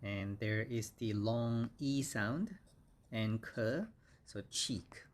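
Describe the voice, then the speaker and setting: Very slow-paced male English teacher. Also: on the low side, a little hiss or hum. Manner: slow, repeats each word several times. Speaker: English instructor. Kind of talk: vocabulary lesson.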